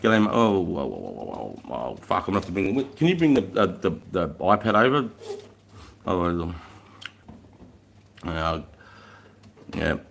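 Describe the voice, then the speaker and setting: A man's voice: low-pitched, sing-song, moderate pace, creaky, pauses often, fairly bright tone, slight background noise. A middle-aged Australian man hosting a casual livestream from home, chatting with viewers and swearing freely, with plenty of "mate" and "bro". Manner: laid-back, swears freely, laughs easily, lots of mate and bro. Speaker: livestream host. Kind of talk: casual livestream chat reading out viewer comments. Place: indoors at home by a wood fire.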